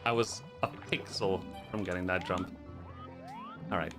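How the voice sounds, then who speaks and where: A man's voice: low voice, fairly even intonation, a little slow. A man streaming a speedrun, talking himself through his mistakes and swearing at the game. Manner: swearing, frustrated self-talk. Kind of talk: live gameplay commentary. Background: music.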